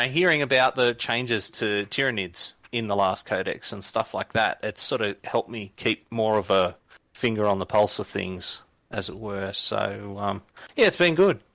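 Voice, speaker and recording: Aussie guy on a podcast, bright sharp voice, dry, stumbles a lot, puts himself down. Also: fairly low pitch, gravelly, no echo. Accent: Australian. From Australia. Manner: hesitant, lots of ums and restarts, self-deprecating. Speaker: podcast co-host. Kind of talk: casual group chat.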